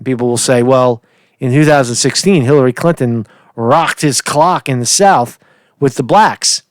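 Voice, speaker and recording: A man's voice: mid-range voice, measured pace, dry recording. Rambling, opinionated man, close dry mic. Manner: rambling, opinionated, repeats himself and restarts. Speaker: political commentary host. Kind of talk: casual political commentary.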